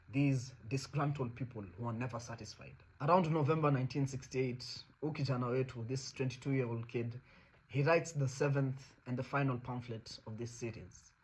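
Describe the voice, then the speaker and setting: A man's voice: mid-range voice, breathy edge. A man with a Kenyan accent narrating a history story, switching between Swahili and English mid-sentence. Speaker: host.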